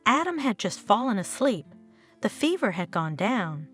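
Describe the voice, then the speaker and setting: A woman's voice: medium pitch, big pitch swings, moderate pace, husky. A woman narrating a dramatic family story in a scripted storytelling style, over faint background music.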